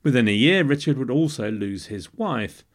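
A man's voice: medium pitch, expressive, moderate pace. Wry man narrating history. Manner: wry, jokey asides. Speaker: podcast host.

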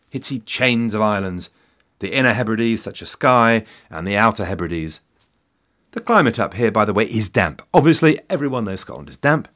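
A man's voice: lowish voice, fairly bright tone. A man giving scripted history narration, with a wry, dry humor and self-deprecating asides. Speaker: history podcast host.

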